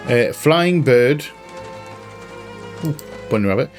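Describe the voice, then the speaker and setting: A man casually commentating while he plays a mystery game, chatty and self-mocking as he thinks out loud. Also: mid-range voice, lively intonation, slow pace, faint music behind. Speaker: game streamer. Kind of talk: casual let's-play commentary.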